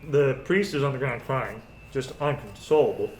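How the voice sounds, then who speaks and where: A man running a tabletop game as game master, narrating and counting damage aloud in an unhurried way. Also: mid-range voice, slight background noise. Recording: roomy recording.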